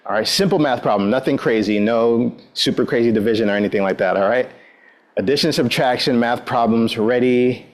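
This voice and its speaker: A man's voice: medium pitch, brisk. A man leading a guided exercise class, giving upbeat, encouraging cues and counting down between moves, often saying "all right". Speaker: exercise instructor.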